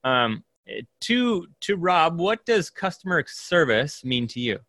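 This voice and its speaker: A man hosting a podcast, asking questions in a halting way with many restarts. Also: fairly high pitch, sing-song, sharp tone, dry recording. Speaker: podcast host. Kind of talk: interview questions.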